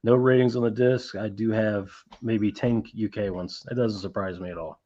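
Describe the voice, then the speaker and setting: Rambling profane stream host, lo-fi sound. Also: male voice, on the low side, fairly even intonation, moderate pace, mellow. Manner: rambling, profane, reads chat aloud. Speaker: host of a movie collecting stream. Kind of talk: casual live-stream chat. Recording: dull lo-fi stream audio.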